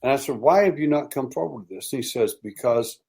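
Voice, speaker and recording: Animated American man telling stories. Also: mid-range voice, a little fast, gravelly. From United States. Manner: animated storyteller acting out quoted dialogue. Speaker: podcast guest, alien abduction researcher. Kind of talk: storytelling in casual interview.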